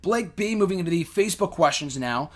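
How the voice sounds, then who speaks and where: A young man with a slightly high, expressive voice talks briskly with a somewhat bright tone. He hosts a casual show, answering fan questions in a rambling chat full of fillers and blunt opinions.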